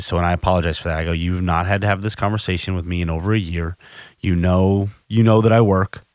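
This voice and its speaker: With a deep voice and no echo in the recording, a man on his podcast recounts his own recovery story. He's open and introspective, frequently restarting what he says.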